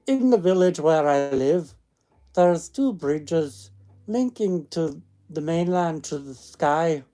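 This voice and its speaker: Amateur fake-Scottish narrator, a man putting it on: loud, exaggerated, mellow tone. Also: fairly high pitch, expressive, takes it slowly. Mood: earnest. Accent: put-on Scottish. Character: Scottish storyteller reading his own ghost story. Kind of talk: reading aloud in a fake accent.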